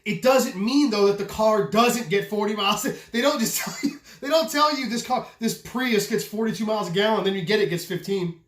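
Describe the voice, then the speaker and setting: A custom knife maker who hosts a knife channel rants casually to camera in an echoey room, his high-pitched, fairly quick voice loud, passionate and carrying. He swears freely, keeps restarting his sentences, and fires off rhetorical questions.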